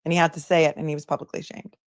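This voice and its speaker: A woman's voice: low voice, flat delivery, rapid-fire, no room sound, clean studio sound. A woman attorney hosting a live commentary stream, chatting casually and sarcastically while reading viewer comments aloud.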